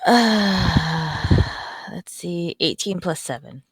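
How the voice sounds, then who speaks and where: A woman's voice: fairly low pitch, drawn-out words, husky, no echo, studio quality. A woman playing a tabletop game, chatting casually and describing her character's actions in the third person. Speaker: player.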